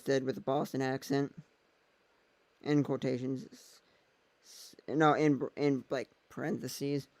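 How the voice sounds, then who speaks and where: A man's voice: mid-range voice, level tone, takes it slowly, long pauses, no echo. A man vlogging in a casual, rambling way, thinking aloud as he goes. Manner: thinks aloud while using his phone and laptop, meandering.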